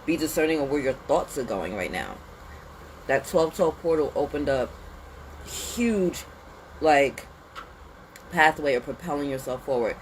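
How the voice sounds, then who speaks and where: A woman hosting a casual spiritual pep talk outdoors in the cold, animated and slangy, sniffly with a runny nose. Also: low voice, unhurried, long pauses, a little hiss or hum, rough recording. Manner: animated, slangy and conversational, with lots of "like" and "you know". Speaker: spiritual reader and channel host.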